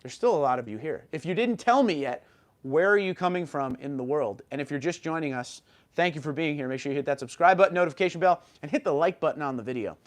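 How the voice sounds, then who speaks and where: A man's voice: on the high side, lively intonation, fast. A man hosting a casual livestream, reading viewer comments aloud and answering them in an upbeat way. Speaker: livestream host.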